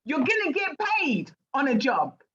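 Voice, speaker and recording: A middle-aged woman from Great Britain talks as a guest in an interview, telling stories and playing out the voices she quotes. Her voice sits a little high, and the recording sounds dull and lo-fi. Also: a little slow. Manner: animated, acts out quoted voices. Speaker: guest life coach. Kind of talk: casual interview storytelling. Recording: dull lo-fi audio.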